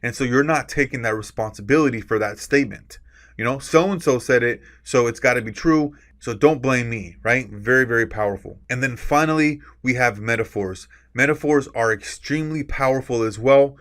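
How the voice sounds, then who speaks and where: A man's voice: mid-range voice, normal speed, fairly bright tone. A man teaching a recorded course lecture. He explains with examples, stresses key words on purpose and often adds a tag "right?". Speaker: course instructor.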